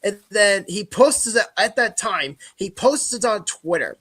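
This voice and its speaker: A man's voice: high-pitched, measured pace. A middle-aged man, co-hosting a podcast and telling a story with lots of laughter. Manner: animated, laughing storyteller who acts out shouted quotes. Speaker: podcast co-host. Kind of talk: casual storytelling chat.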